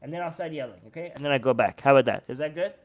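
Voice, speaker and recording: A man hosting a live stream, giving heated, sarcastic commentary and yelling in bursts into a handheld microphone. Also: mid-range voice, rapid-fire. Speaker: livestream host.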